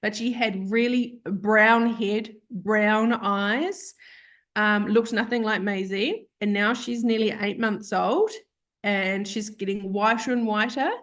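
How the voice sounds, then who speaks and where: A woman, telling a personal story in a chatty, animated way as an interview guest, acting out the voices of others and laughing often. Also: medium pitch, slow pace. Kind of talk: casual storytelling.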